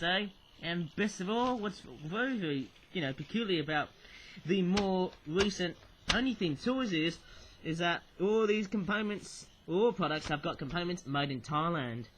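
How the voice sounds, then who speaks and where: A British toy reviewer with a cold and sore throat chats at home to a webcam, rambling casually with lots of fillers and tag questions. His voice is a little high, and the poor audio carries some hiss or hum.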